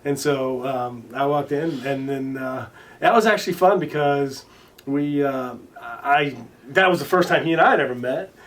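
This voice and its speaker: A man being interviewed as a guest, telling stories casually, with many restarts and fillers, now and then swearing and loudly acting out what others said. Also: medium pitch, moderate pace, distant mic. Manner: swears casually and acts out quoted lines loudly. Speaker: interview guest, recording artist. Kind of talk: casual storytelling in conversation.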